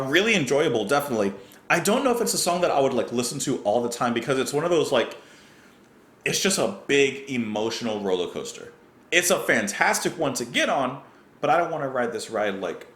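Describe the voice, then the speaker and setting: A man's voice: mid-range voice, sing-song, fairly quick, sharp tone, reverberant. A man hosting a music reaction channel, thoughtfully reading lyrics aloud and explaining what they mean. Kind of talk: song reaction and lyric breakdown.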